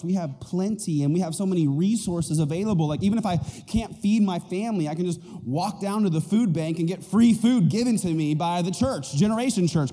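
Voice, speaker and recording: A male pastor preaching a lively, joking sermon, often checking in with the crowd. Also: high voice, long reverb tail. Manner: animated and joking, asks the crowd "right?". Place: church auditorium.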